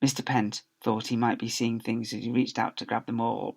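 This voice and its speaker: A male teacher reading a children's story aloud in a lively, expressive way. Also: medium pitch, moderate pace, creaky.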